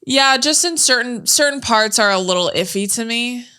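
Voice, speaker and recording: Lively, bright-voiced young woman co-host. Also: on the high side, normal speed, clean tone. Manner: animated, swearing, laughing, quoting movie lines in put-on voices. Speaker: podcast co-host. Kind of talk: casual chat.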